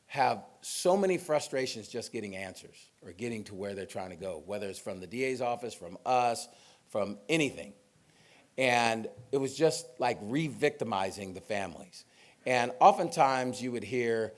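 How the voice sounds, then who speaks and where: A middle-aged man from Sacramento, a police chief, telling personal stories in an informal, conversational speech to an audience. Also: mid-range voice. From Sacramento, California. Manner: storytelling, conversational with fillers and asides. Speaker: police chief giving a talk.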